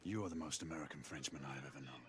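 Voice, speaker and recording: An actor voicing a stern knight commander, clipped and commanding. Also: male voice, very deep voice, very fast, a bit bright.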